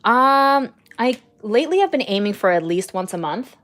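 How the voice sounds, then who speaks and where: A woman's voice: fairly high pitch, animated, normal speed, fairly bright tone. A young woman chatting casually on a home art livestream, rambling with lots of fillers and small laughs. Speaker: artist streaming live.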